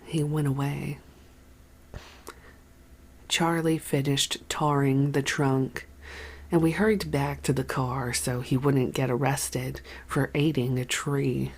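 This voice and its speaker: Slow, unhurried memoir narrator. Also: medium pitch, level tone, breathy edge. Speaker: audiobook narrator.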